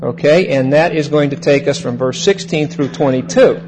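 A male pastor preaching a verse-by-verse sermon. He repeats key phrases, checks in with "Okay?", and slows down to stress key words. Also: fairly high pitch, a little mellow, slight background noise, rough recording. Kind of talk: expository sermon.

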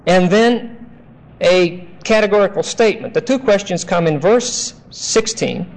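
A male pastor with a high voice teaches through a Bible passage, and the audio quality is poor. His sermon is emphatic and explanatory, with deliberate phrasing.

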